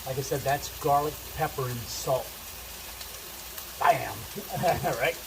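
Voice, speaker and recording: A man vlogging while cooking at an outdoor camp, chatty and quick to laugh, sometimes dropping to a hushed voice. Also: mid-range voice. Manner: chatty, laughs often, talks quietly at times. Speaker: camping vlogger. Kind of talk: casual cooking narration. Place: outdoors under a covered bridge. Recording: noisy outdoor camp recording.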